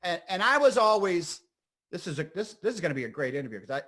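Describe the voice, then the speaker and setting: A man in his fifties from Scranton, Pennsylvania, an actor and comedian telling rambling, animated stories as an interview guest. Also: high voice, quick pace. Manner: animated, rambling, full of fillers and asides. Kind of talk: casual interview storytelling.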